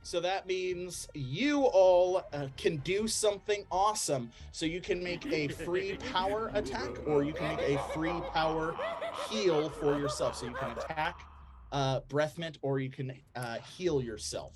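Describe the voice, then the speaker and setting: A man narrating a tabletop game as game master, relaxed, with frequent ums and laughs. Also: a little high, unhurried, loud music behind the voice.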